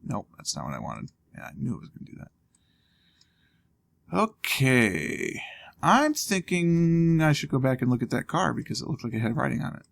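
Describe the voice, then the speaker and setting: A man with a gravelly, creaky voice talks through a video game in a loose, casual way. He thinks out loud and throws in dry little jokes as he goes. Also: medium pitch, big pitch swings, normal speed. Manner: thinking aloud, wry asides. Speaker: let's play host. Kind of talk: casual gameplay commentary.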